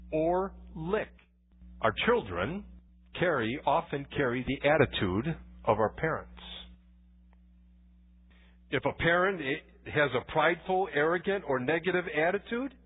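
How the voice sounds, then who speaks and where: A man's voice: fairly high pitch, husky. A man pastor giving a conversational sermon with personal stories, often restarting his words. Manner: conversational preaching with anecdotes and frequent restarts. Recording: tinny phone-like church recording.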